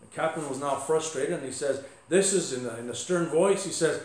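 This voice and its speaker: A man's voice: a little high, fairly quick, hardly any pauses, a little mellow. A male pastor giving a conversational sermon with asides and light humor. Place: church sanctuary. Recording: echoey church sanctuary.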